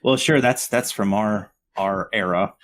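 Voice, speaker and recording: A man's voice: fairly low pitch, measured pace. A man co-hosting a podcast in casual chat, jokey and sweary, often trailing off and repeating himself. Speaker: podcast co-host.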